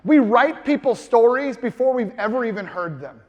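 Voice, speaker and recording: A man in his thirties with a notably high voice delivers a comedic motivational keynote. He is playful and self-deprecating, slipping into quick acted voices. The sound carries the long reverb of a large hall. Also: expressive, muffled recording. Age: 30s. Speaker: keynote speaker. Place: large conference hall with audience.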